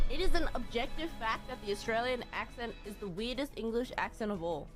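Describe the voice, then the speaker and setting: A woman chats with her co-host on a game stream in a playful, teasing way. Her voice sits a bit high and moves around a lot in pitch, with faint music in the background. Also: lively intonation, moderate pace. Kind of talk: casual chat.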